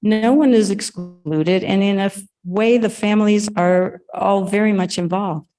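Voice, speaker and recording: A woman's voice: medium pitch, unhurried, warm tone, soft background music, poor audio. A woman speaking earnestly and effusively at a club event, interviewing a guest, often restarting her sentences. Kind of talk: emotional conversational talk at an event.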